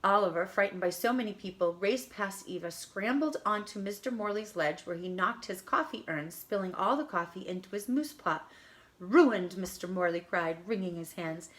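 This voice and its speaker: A woman reading a children's picture book aloud in an expressive, lively storytelling manner. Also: mid-range voice, normal speed, few pauses. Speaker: storybook reader.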